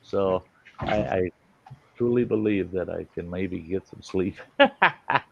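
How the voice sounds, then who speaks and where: A man's voice: deep voice, slow, gravelly, background noise. A man hosting a late-night livestream, chatting casually and swearing while he tells a long joke with put-on voices. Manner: profane, storytelling with put-on voices. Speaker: livestream host. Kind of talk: casual chat and joke telling. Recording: lo-fi muffled stream audio.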